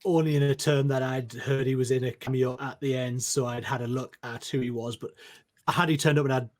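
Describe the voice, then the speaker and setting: A man's voice: medium pitch, fairly even intonation, brisk, a little mellow. A man co-hosting a casual film podcast, talking hesitantly with repeated starts. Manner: casual, hesitant, laughing asides. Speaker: podcast co-host.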